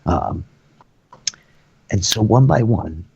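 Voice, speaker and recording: A man narrating a tabletop game as game master, in a casual, rambling way with a slightly husky voice. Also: fairly low pitch, lively intonation, takes it slowly, highs cut off, crowd noise.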